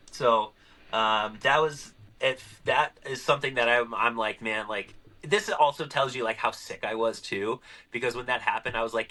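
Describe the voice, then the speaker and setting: A man's voice: fairly low pitch, brisk. A man hosting a podcast, telling stories in a loose, chatty way and acting out the conversations. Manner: animated storyteller acting out conversations. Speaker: podcast host. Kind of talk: casual podcast chat.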